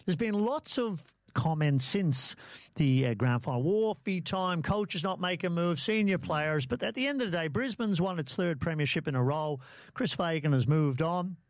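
Male host, easygoing, a touch higher voice, dry close sound. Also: animated, normal speed, dry recording. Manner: easygoing, steers the talk. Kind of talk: casual podcast chat.

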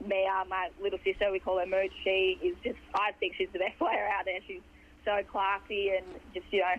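Hoarse Australian woman on a phone line. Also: medium pitch, level tone, moderate pace. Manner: chatty, rambling with fillers. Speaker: footballer guest. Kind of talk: phone interview.

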